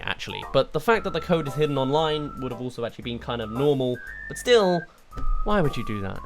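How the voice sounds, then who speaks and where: Lively, rambling game reviewer. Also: mid-range voice. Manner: rambling, exasperated rhetorical questions. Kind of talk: ranting video game review.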